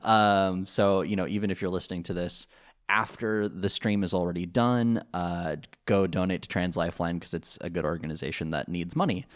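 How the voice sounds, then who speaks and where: A man's voice: low voice, fairly even intonation, normal speed. A man co-hosting a casual podcast, rambling with lots of fillers and restarts. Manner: rambling, many fillers and restarts, laughs easily. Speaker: podcast co-host. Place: home.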